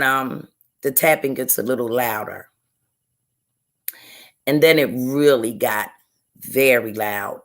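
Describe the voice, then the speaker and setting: In a low, slightly bright voice, a woman author being interviewed shares her emotional testimony. She tells it slowly and earnestly, circling back to repeat phrases often.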